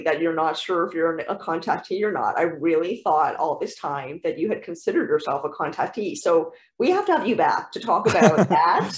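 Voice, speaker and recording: A woman hosting a podcast interview, effusive and encouraging as she praises her guest. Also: lowish voice. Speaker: podcast host. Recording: echoey room.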